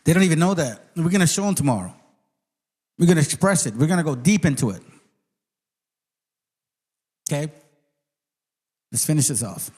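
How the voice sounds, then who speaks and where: Casting: male channel host, slightly high voice, blunt and foul-mouthed, street slang. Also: expressive, quick pace, long pauses, a little mellow, husky. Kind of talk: profane casual commentary.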